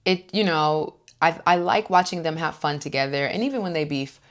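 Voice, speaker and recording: Low-voiced chatty woman recapping reality TV. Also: normal speed. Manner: chatty and opinionated, acts out quotes. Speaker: host.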